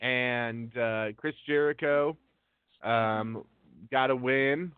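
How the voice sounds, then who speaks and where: In a mid-range voice that is extremely slow and smooth, a man hosts a wrestling news podcast with casual talk-show chatter. He unhurriedly reads long strings of names, filling gaps with ums. The audio has no echo but sounds tinny, like a phone line.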